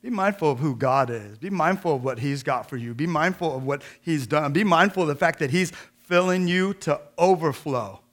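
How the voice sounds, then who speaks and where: A man's voice: a little high, expressive, normal speed, few pauses. Middle-aged male pastor, folksy preaching. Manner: folksy, joking asides, loud scripture reading. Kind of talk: sermon. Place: church.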